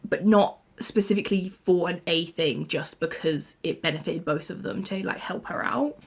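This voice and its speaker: A woman's voice: on the low side, normal speed, gravelly, breathy edge. A young woman in her twenties, rambling through casual TV fan commentary with frequent "like"s and laughs. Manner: rambling, lots of 'like', laughs often. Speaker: YouTuber.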